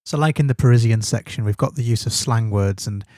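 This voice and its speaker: A man's voice: mid-range voice, fairly quick, darkish tone, dry recording, studio quality. A man hosting a study podcast, commenting on a set text in an informal way, thinking aloud as he goes. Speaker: podcast host and teacher.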